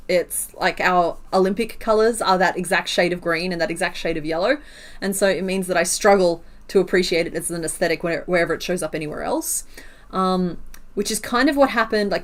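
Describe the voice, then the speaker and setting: An Australian woman streaming while she crochets, chatting casually, laughing often and counting stitches under her breath. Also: lowish voice.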